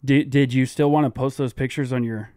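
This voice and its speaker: A man's voice: mid-range voice, fairly even intonation, fairly quick, warm tone, dry recording, studio quality, close to an everyday voice. A man playing a customer who stammers out forced praise for a terrible haircut. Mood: forced cheer. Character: overly polite young man with a terrible haircut.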